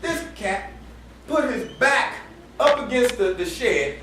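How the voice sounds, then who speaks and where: A man preaching in a high, animated voice, telling his story with plenty of laughter and casual slang. He is heard from a distance in a very echoey hall, with faint noise underneath. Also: slow. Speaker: campus ministry preacher. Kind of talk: storytelling sermon. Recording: echoey room heard from far off.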